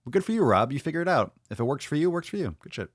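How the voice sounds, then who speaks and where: A man's voice: a little high, very animated, rapid-fire, dry recording, studio quality. A man hosting a podcast, chatting casually and bluntly, swearing freely as he reads viewer comments aloud and reacts to them. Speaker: podcast host.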